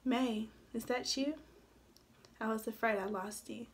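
A woman reading the lines of a husband who shouts and begs in a story read aloud. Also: on the high side, steady tone, unhurried, slight background noise. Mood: pleading. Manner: pleading, raised voice. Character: angry then remorseful husband, adult man.

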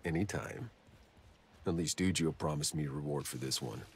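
An actor voicing a gruff male game character, heard from the game's audio. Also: very deep voice, moderate pace, a little hiss or hum. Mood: matter-of-fact.

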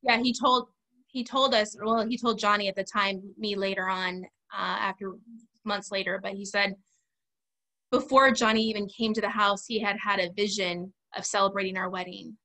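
A woman's voice: medium pitch, steady tone, normal speed, pushed and bright. A woman telling her personal testimony as an interview guest, chatty and candid. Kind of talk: casual testimony storytelling.

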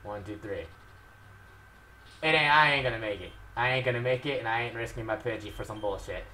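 A young man commentating his own gameplay with heavy swearing, shifting from low mutters to loud outbursts. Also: brisk, a little hiss or hum. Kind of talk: Let's Play commentary.

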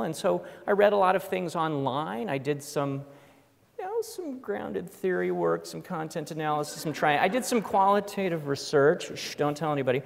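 A man's voice: fairly high pitch, gravelly. A middle-aged man giving a humorous lecture as a professor, wry and self-deprecating, acting out quotes. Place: large lecture hall. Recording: long hall reverb.

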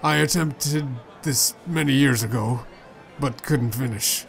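A man's voice: mid-range voice, takes it slowly, creaky, fairly bright tone. A man playing a story game, reading its dialogue aloud in a playful way and switching voices for the characters. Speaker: let's play gamer.

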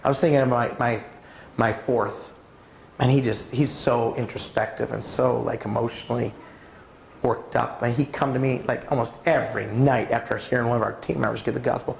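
A man's voice: mid-range voice, fairly even intonation, moderate pace, gravelly, a little hiss or hum. Conversational man preaching in an echoey hall. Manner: conversational, asks the audience questions. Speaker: pastor. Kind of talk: conference talk. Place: church hall.

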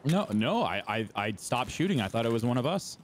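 A man trading wry jokes and quick callouts with friends in a game voice chat. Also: medium pitch, sing-song, slight background noise. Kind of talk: casual gaming voice chat.

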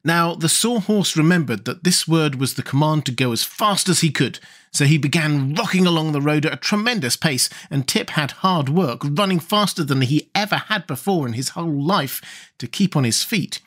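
A man reading a children's fantasy storybook aloud as an audiobook narrator, measured and expressive. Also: a little high.

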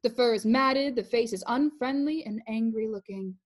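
A woman reads out the stage directions of a comic play. Her fairly high voice stays brisk and matter-of-fact throughout. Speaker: narrator reading stage directions.

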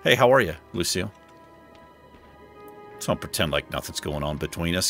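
A man's voice: deep voice, lively intonation, normal speed, long pauses, a bit bright, soft background music. A man casually commenting on his gameplay as host, swearing freely and joking sarcastically. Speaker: gaming host. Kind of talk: let's play commentary.

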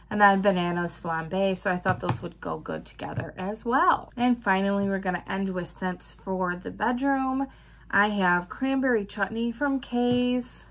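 A woman vlogger talks casually about her weekly wax melts, listing scent notes and laughing often. Her voice is mid-range and fairly bright.

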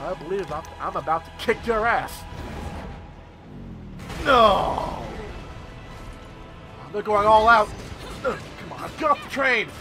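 A young man giving casual, excitable commentary while playing a video game, swearing and repeating lines from the game. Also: high-pitched, slow pace, long pauses, soft background music. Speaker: gameplay video host. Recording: loud game soundtrack behind.

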